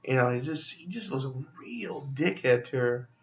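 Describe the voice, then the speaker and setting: A man's voice: mid-range voice, lively intonation, moderate pace, a bit bright, highs cut off. A man casually recapping a film plot as a movie reviewer, rambling with many fillers and restarts.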